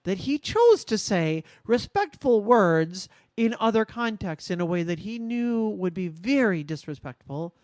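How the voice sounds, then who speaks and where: A woman's voice: mid-range voice, very animated, darkish tone, no room sound, clean studio sound. Earnest, reflective woman podcast host. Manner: reflective storytelling, measured and earnest. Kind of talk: casual podcast conversation.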